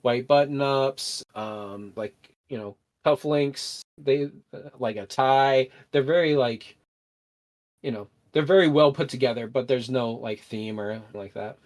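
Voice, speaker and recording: A man's voice: mid-range voice, unhurried, darkish tone. A man narrating a tabletop role-playing game as game master, rambling with many fillers.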